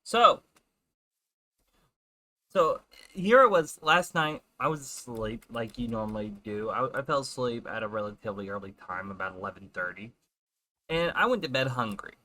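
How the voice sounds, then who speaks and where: A young man casually telling a funny dream story in an animated way. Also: medium pitch. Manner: animated, puts on quick character voices in quotes.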